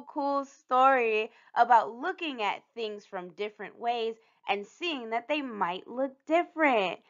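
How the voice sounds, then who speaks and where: A woman reading a picture book aloud for children's storytime, animated, with playful sound effects. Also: on the high side, slow pace, hardly any pauses, dull audio.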